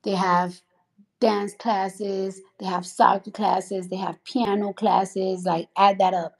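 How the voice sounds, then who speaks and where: A woman's voice: medium pitch, level tone, slow, vocal fry, a little mellow. A woman with a New York accent talking on a casual livestream, blunt and profane, heated and rambling with many restarts. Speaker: social media livestreamer.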